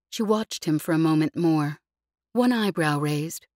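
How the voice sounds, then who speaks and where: A woman narrating a novel in a measured, even storytelling voice, read close in a studio. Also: low-pitched, no room sound. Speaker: audiobook narrator. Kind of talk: scripted narration.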